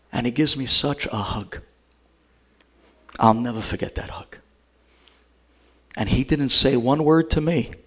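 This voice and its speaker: A man who is a rabbi, telling a personal story to an audience and acting out the other speakers in it. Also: medium pitch.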